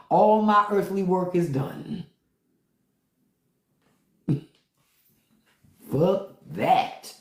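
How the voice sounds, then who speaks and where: Brief: livestream host, casual profane chatter, laughs a lot, mid-pitched, roomy echo. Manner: loose, profane storytelling with frequent laughter and hums. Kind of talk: casual livestream chat with viewers.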